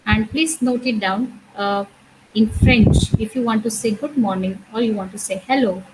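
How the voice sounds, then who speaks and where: A woman with a slightly high voice, speaking at normal speed, gives an intro French lecture at a university, recorded against a noisy background. She is patient, going over every sound and word twice and peppering her speech with "uh" and "okay."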